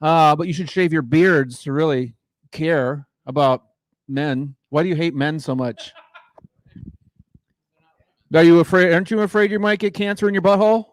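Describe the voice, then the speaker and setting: A man's voice: on the high side, steady tone, normal speed, pauses often, no room sound, clean studio sound. A middle-aged man doing a crude, rambling stand-up set who laughs at his own jokes, on a mic in a small garage room. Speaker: stand-up comedian. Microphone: microphone in a garage.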